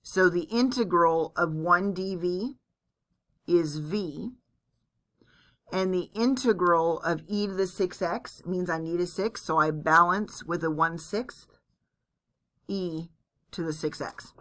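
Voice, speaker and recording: A woman's voice: fairly low pitch, slow pace, pauses often, a bit bright. A woman teaching calculus in a recorded lecture, chatty and self-deprecating as she walks through each step aloud. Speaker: math teacher.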